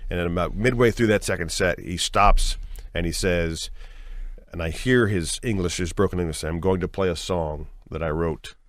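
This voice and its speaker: Middle-aged man, lower voice, lively anecdote-teller, dry close sound. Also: normal speed, no room sound. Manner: lively, acts out quoted voices with big pitch jumps. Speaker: interview guest. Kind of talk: animated storytelling in an interview.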